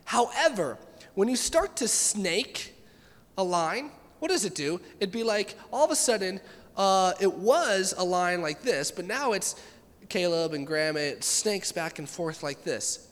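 Man, youth pastor, sermon, lively swooping delivery, acts out quotes, long hall reverb. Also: high-pitched, unhurried. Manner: animated, acts out quoted voices.

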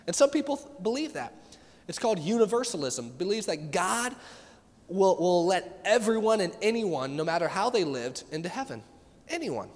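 A youth pastor preaching a sermon in an animated way, acting out the voices of people he quotes. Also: high-pitched, normal speed, in a large hall.

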